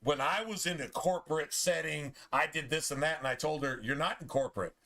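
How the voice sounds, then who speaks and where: A man's voice: fairly high pitch, a little fast, sharp tone. Heated, profane male streamer. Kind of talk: ranting chat over gameplay.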